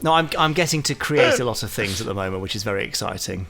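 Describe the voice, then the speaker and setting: A man's voice: lowish voice, expressive, fast, vocal fry, music in the background. A man guesting on a podcast in casual chat, coy and hesitant with teasing hints.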